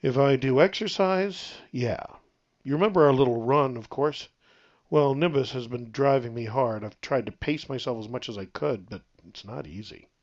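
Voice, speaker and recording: A man's voice: on the high side, lively intonation, slow, dull audio. A man voicing a young modern man in a fantasy land, who talks bluntly and casually. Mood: weary. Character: mortal young man from our world, blunt.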